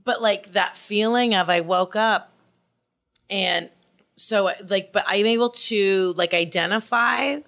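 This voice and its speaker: A woman's voice: mid-range voice, takes it slowly, creaky, a bit bright. A woman in her thirties telling candid, profane stories in a casual comedy podcast chat, acting out what people said. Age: 30s. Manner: candid, profane storytelling with acted-out quotes. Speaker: podcast guest.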